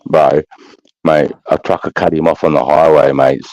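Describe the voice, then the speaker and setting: A man's voice: very deep voice, little pitch movement, normal speed, darkish tone, no room sound. A man with an Australian accent in casual chat, telling rambling, profane stories packed with "mate" and "brother". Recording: slightly muffled, dull recording.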